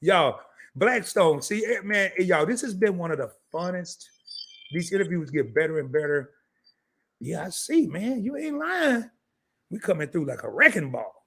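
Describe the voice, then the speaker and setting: Hoarse man, live-stream host, lively swooping pitch, a bit high, joking and slangy. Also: moderate pace. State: hoarse from laryngitis. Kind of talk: casual live-stream chat.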